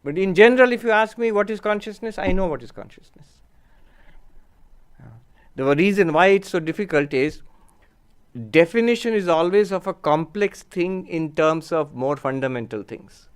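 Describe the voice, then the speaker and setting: A man gives an unhurried spiritual lecture, reflecting aloud and pausing over terms. His voice is smooth and resonant, sitting slightly high for a man. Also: lively intonation. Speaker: spiritual teacher. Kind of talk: lecture with audience questions.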